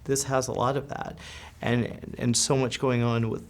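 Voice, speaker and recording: A man's voice: mid-range voice, level tone, measured pace. Man asking interview questions. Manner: brief questions and backchannel agreement. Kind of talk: press interview.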